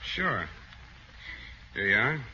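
1940s radio comedy: a wry, weary radio detective, dry deadpan delivery, very bright voice, dull old broadcast sound. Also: male voice, fairly low pitch, takes it slowly, slight background noise, exaggerated voice. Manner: dry, deadpan storytelling with hesitations. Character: wry, tired man who plays a radio detective. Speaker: radio actor playing a detective.

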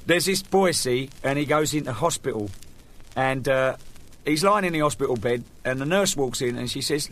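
Middle-aged male host, jokey rambling monologue, lively and slightly high voice. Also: a little slow. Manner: playful, rambling, chuckling at his own jokes. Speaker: radio show host. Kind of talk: joking casual monologue.

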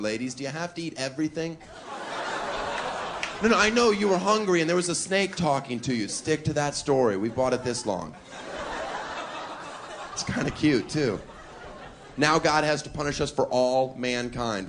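A male stand-up comedian doing a brash, provocative routine with wry asides on a club stage, into a handheld mic. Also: medium pitch. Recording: live club audience with noisy room.

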